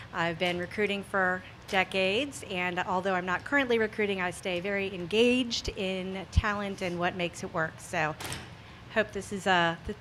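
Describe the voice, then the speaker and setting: A woman's voice: mid-range voice, bright, forceful tone, slight background noise. A middle-aged woman recruiter, speaking on a panel in a playful, upbeat way. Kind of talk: casual panel talk.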